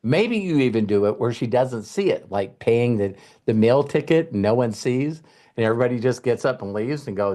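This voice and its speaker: A man giving a casual motivational talk as a mentor, acting out quotes in lively storytelling with some swearing. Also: mid-range voice, moderate pace. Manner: animated storyteller, acts out voices. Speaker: mentor and coach.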